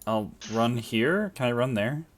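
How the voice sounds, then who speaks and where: A man playing a tabletop game with friends, speaking haltingly as he describes his character's actions. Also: medium pitch, lively intonation, slight background noise. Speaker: player. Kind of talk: casual play over voice chat.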